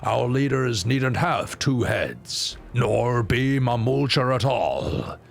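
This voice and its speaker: Solemn two-headed lizard king, deep gravel, slow weighty lines, low pitch, faint game music. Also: very animated, a little hiss or hum, full character voice. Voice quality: deep gravelly movie-robot-hero voice.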